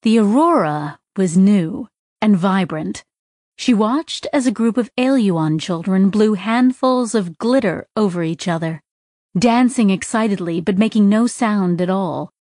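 A woman's voice: medium pitch, animated, measured pace, warm tone, dry recording, studio quality. A woman reading a science fiction story aloud as an audiobook narrator, with light voices for the characters. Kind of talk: scripted narration.

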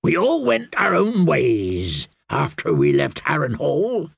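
A man voicing a sly male outlaw who speaks in a slow drawl and mocks his foe. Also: on the high side, huge pitch swings, gravelly, breathy edge, no room sound, clean studio sound, heavily acted. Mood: mocking. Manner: mocking, drawling.

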